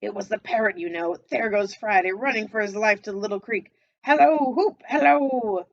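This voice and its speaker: A woman's voice: medium pitch, normal speed, husky, no echo, lightly acted. An old miser of a man, overcome with childlike glee, crying out half in laughter and half in tears, as a woman reading the story puts him on. The recording is dry and a little dull, with no room around the voice. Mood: ecstatic. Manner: exclaiming, between laughing and crying. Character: elderly male miser, overcome with childlike excitement.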